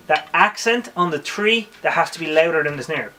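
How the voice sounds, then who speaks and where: A man's voice: fairly high pitch, animated, brisk, over loud music. A man with an Irish accent teaching drums in a casual spoken tutorial, counting beats aloud between his explanations. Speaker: drum teacher. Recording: drum kit playing loudly behind.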